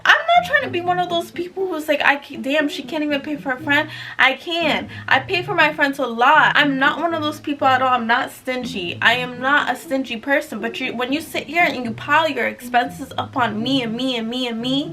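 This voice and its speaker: A young woman telling a storytime vlog in an animated, sassy way with mocking asides. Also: sits high, brisk, few pauses. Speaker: YouTuber.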